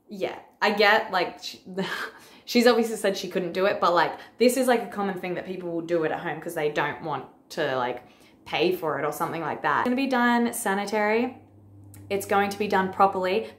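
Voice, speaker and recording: A woman's voice: medium pitch, roomy sound. A woman who works as a piercer, giving frank, casual commentary and explaining things with a few swear words. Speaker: professional piercer reacting to a video.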